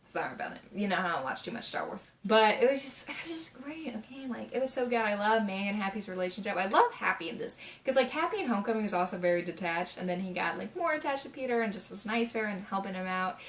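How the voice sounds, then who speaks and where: A nineteen-year-old woman chats through a movie review like she's talking to a friend. Her voice sits at a middling pitch, peppered with filler words and quick asides. She gushes, and every so often she bursts into a loud, high exclamation. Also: sing-song. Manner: chatty, gushing, full of "like" and "you know what I mean". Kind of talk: casual vlog review.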